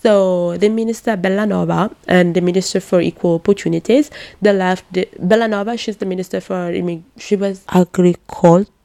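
A young woman from Italy talks through her podcast in a casual, animated way, heavy on fillers and exasperated emphasis. Her voice sits low with a gravelly, creaky edge. The sound is dry and close, with no room echo. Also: a little fast, hardly any pauses. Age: young adult. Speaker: podcast host. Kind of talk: casual solo commentary.

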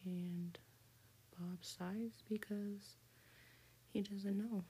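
A woman slowly retelling a cartoon story in a soft whispered role-play. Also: lowish voice, level tone, slight background noise. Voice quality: breathy whisper.

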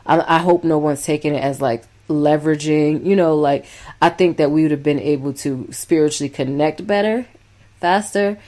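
Low-pitched woman cohost, animated and emphatic, casual podcast chat. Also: normal speed. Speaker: podcast co-host.

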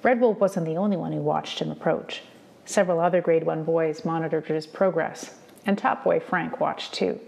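A woman reading a novel aloud for students in a steady, measured storytelling manner. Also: sits low, vocal fry. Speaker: reader.

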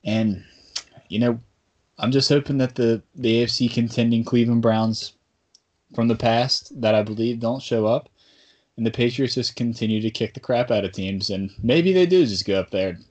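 A man's voice: medium pitch, moderate pace, darkish tone. A man hosting a casual sports podcast, talking in a rambling, bantering way. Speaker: podcast host.

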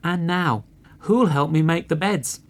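A man's voice: fairly high pitch, measured pace, voice pushed up, close to an everyday voice. A man voicing a good, hard-working little hen in a storybook, in a cheerful raised voice. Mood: patient.

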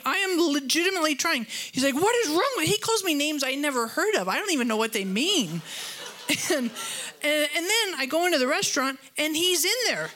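Woman pastor, conversational sermon with funny asides, bright and slightly high voice. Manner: chatty storytelling with humor and asides; animated, voice jumps higher when retelling conflict.

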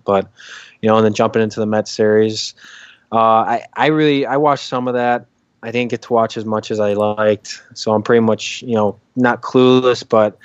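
Brief: young male co-host, lowish voice, dry muffled home mic, halting filler-heavy delivery. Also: no echo. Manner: hesitant, many fillers. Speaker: podcast co-host. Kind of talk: casual sports talk.

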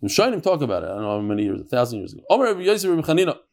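A man's voice: medium pitch, big pitch swings, rapid-fire. A man teaching a Talmud class, reading Aramaic lines and explaining them in English with jokes. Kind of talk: Gemara class explaining text.

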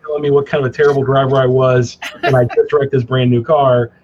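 A man guest in a casual interview, telling stories in an animated way, laughing and acting out his father's gruff lines. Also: mid-range voice, fast, highs cut off, noisy background. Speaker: cigar company guest.

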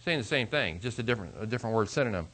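A man's voice: on the low side, lively intonation, very fast, fairly bright tone. Man teaching a Bible class. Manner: conversational, repeats and restarts, chuckles often. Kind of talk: casual classroom lecture.

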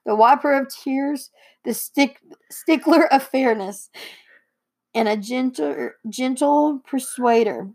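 A woman's voice: high-pitched, animated, slow pace, gravelly, darkish tone. Tearful young woman reading letters aloud. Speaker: co-host and daughter.

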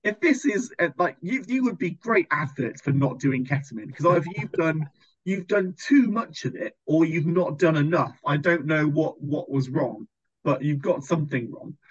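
A man's voice: a little high, animated, normal speed, breathy edge. Sarcastic man ranting. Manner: sarcastic, exasperated, sweary. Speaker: podcast host. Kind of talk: casual chat, ranting anecdote. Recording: slightly dull lo-fi recording.

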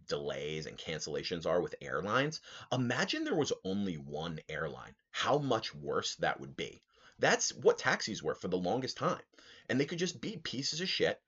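A young man hosting a podcast, telling a rant story in a casual, animated way, swearing freely and laughing as he talks. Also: deep voice, slightly rough. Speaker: podcast host. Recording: slightly dull podcast audio.

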